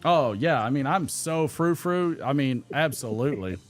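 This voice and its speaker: A man hosting a casual live pipe-smoking chat, telling stories and acting out quotes in a higher voice. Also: moderate pace, soft background music. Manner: animated storyteller, acts out quotes in a higher voice. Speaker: podcast host.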